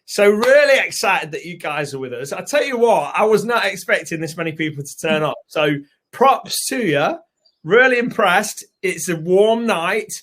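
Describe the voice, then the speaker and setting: A man's voice: high voice, expressive, normal speed, a bit bright. A British man with a somewhat raised voice hosts a live webinar. He talks in a chatty, rambling way and greets viewers one by one. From United Kingdom. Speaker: co-host and co-founder.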